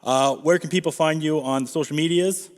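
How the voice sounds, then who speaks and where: A man's voice: on the high side, a little fast, in a large hall. A man hosting a podcast interview, adding brief encouraging replies. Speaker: podcast host.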